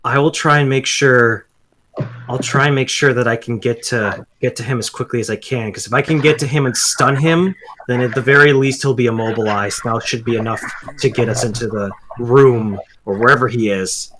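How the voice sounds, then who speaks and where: A man's voice: mid-range voice, steady tone, normal speed. A man playing a tabletop game, thinking his plan through aloud. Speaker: player. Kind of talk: casual tabletop game chat. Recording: noisy mic with clicks.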